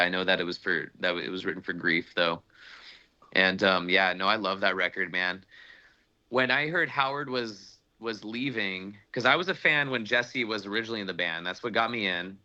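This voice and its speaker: A young man chatting casually as a podcast guest, excitable and rambling, swearing often as he gushes like a fan. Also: deep voice. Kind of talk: casual chat. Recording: dull lo-fi sound.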